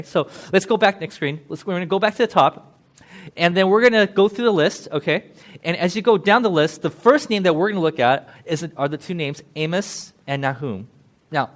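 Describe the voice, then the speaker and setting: Chatty joking man preaching. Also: fairly high pitch. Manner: chatty, joking, with quick laughs. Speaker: pastor. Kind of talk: casual sermon. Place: church.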